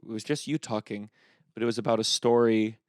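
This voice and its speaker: A man hosting a podcast, asking questions in a halting, restarting way with a playful streak. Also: fairly low pitch, steady tone, dry recording, clean studio sound. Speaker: podcast host. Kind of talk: casual podcast interview.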